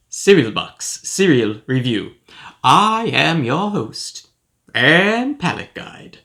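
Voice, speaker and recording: A man's voice: medium pitch, vocal fry, sharp tone, exaggerated voice. A man playing a pompous, self-important professor who hosts a comedic cereal review. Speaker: host. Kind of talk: comedic character monologue.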